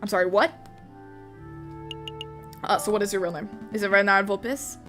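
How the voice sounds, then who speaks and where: A woman's voice: medium pitch, steady tone, moderate pace, a bit bright, soft background music, lightly acted. A woman doing a curious sparrow sidekick. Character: young curious male sparrow assistant.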